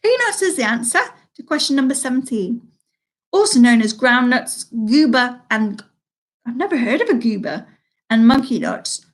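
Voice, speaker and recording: A chatty woman hosts a live online pub quiz from home, reading each question and answer twice. Her voice sits a little high, and she stops often to comment on players' scores. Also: very animated, moderate pace. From United Kingdom. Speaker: quiz host. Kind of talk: casual live quiz hosting.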